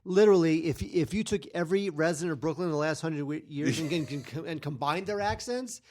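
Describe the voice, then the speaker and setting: Fairly high-voiced guy on a movie podcast, blunt and sarcastic about bad films. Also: brisk, darkish tone. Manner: blunt, dismissive, wry. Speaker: podcast co-host. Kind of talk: casual film review chat.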